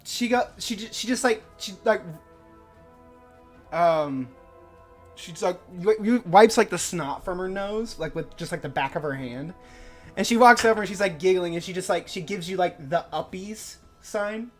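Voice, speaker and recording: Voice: mid-range voice, normal speed, soft background music. A game master casually narrating a tabletop game, full of fillers.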